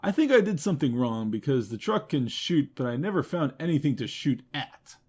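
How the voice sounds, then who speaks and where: Husky, lively man reviewing games. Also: medium pitch, fairly quick. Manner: wry, self-mocking asides. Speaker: host. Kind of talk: rapid game review roundup.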